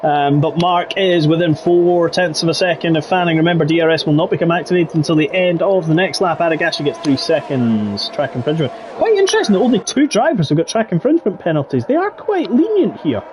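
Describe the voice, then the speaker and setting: A man giving jokey, excitable live commentary on an online racing league. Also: on the high side, quick pace, hardly any pauses, slight background noise. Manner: jokey, excitable, laughs between calls. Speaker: race commentator.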